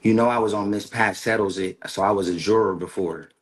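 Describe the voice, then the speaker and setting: A man's voice: fairly low pitch, a little fast. A man chatting as a guest on a live stream, rambling and joking, talking in circles. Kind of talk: casual live stream chat.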